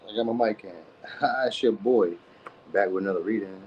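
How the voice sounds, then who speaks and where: A man's voice: on the low side, steady tone, fairly quick, slightly rough, muffled recording. A man hosting a live tarot reading, chatting loosely with viewers in slang and saying "you know what I mean" a lot. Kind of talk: casual live-stream chat.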